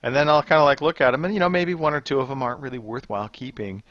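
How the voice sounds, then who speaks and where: A man's voice: medium pitch, racing, no room sound, dull audio. A man hosting a casual gaming podcast, easygoing as he reads out new members' introductions. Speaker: podcast host.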